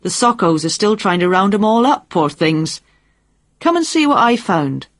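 A woman's voice: mid-range voice, very animated, normal speed, no echo, clean studio sound. A woman voicing an easygoing police sergeant. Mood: amused. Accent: put-on Texan.

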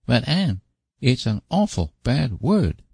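A man's voice: mid-range voice, big pitch swings, slow, vocal fry, darkish tone, husky, dry recording, pitched above the performer's own voice, exaggerated voice. A man voicing a small, anxious boy who pleads and stammers in a storybook reading.

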